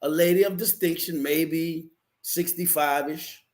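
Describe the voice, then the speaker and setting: A man co-hosting a podcast, telling a story in a lively way and acting out the people in it. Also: on the high side, a little slow. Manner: lively, acts out voices in his story. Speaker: podcast co-host. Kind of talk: animated storytelling.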